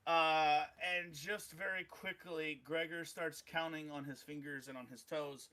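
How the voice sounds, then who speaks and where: A man's voice: fairly high pitch, steady tone, measured pace, sharp tone. A man narrating a tabletop game as game master, rambling with many ums and uhs.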